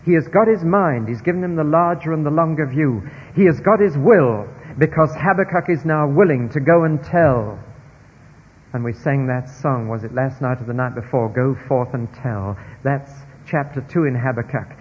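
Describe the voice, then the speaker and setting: A man preaching a sermon, expressive, moving between hushed stretches and emphatic ones, in a dull recording with long hall reverb from a church or large hall. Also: fairly high pitch, moderate pace, a little hiss or hum.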